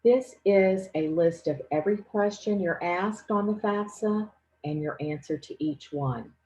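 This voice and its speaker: A woman giving a financial aid presentation, explaining each step clearly and patiently. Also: on the low side, measured pace, darkish tone, low-quality recording. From Louisiana. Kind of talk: instructional presentation.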